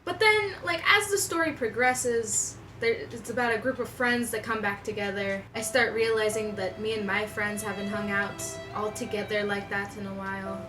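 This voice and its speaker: A young woman vlogger telling a story in a casual, profane, animated way, with lots of slang. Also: medium pitch, normal speed, few pauses, far from the mic, over music, low-quality recording. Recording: voice a bit off-mic with faint room noise.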